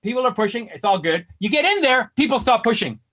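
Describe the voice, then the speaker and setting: A man doing a stand-up set over a video call, ranting in exasperation and rising to outraged shouts. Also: extremely high pitch, very animated, quick pace. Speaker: stand-up comedian.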